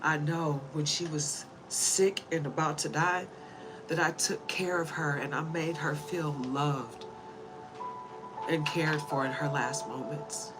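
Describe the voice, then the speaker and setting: A woman who gives spiritual readings talks slowly in a low, fairly even voice, rambling earnestly and frequently checking in with "you know?" It's a casual, heartfelt monologue. The recording is rough, with music in the background.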